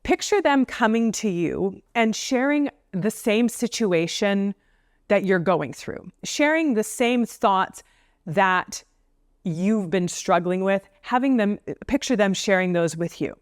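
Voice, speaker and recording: Woman counsellor, mid pitch, dry close sound, playful chatty delivery. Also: expressive, slow, dry recording. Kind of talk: casual advice talk to camera.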